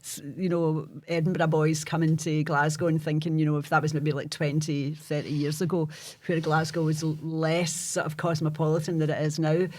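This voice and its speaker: A Glaswegian man in casual podcast chat, making quick asides. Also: on the high side, monotone, darkish tone. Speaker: podcast co-host.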